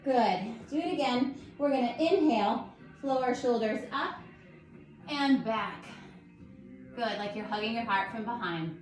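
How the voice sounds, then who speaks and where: A woman guiding a yoga class at home, calm and encouraging as she talks listeners through each pose. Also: a little high, a little slow. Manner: calm, encouraging, gently instructive. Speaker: yoga instructor. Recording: echoey room with faint music.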